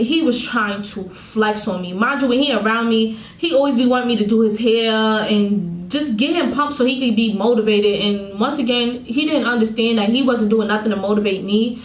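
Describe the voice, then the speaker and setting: A woman's voice: fairly high pitch, echoey room, low-quality recording. A woman vlogger venting candidly to her viewers, telling a painful breakup story in her own words. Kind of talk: emotional storytime vlog.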